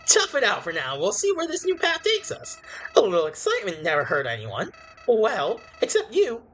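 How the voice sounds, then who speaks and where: A gamer putting on a high, sing-song voice for a chipper cartoon flower sidekick with a scheming edge. The voice bounces around a lot, over faint game music. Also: huge pitch swings, normal speed, fairly bright tone. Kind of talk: let's play voice acting.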